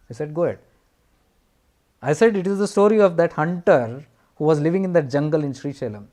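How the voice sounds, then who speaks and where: A man, a spiritual teacher telling a devotional story in an earnest, unhurried way with emphatic repetitions. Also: on the high side, dark tone.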